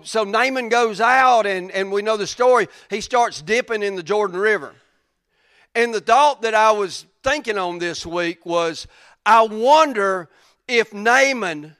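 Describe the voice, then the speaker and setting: Folksy preacher, high bright voice. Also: male voice, no echo, studio quality. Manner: folksy, conversational, acts out characters' lines. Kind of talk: informal sermon storytelling.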